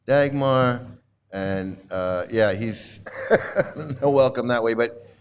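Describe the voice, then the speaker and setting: A middle-aged man hosting a livestream, chatting casually while showing old photos, halting with many fillers and restarts and laughing often. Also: mid-range voice, clean tone. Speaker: livestream host.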